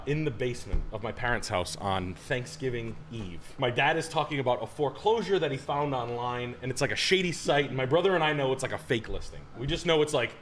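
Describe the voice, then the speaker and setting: A man's voice: medium pitch, slight background noise. A man telling funny stories in casual chat, swearing a lot and acting out the people he quotes. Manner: animated, swears a lot, acts out quoted people in raised voices. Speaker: podcast co-host telling stories.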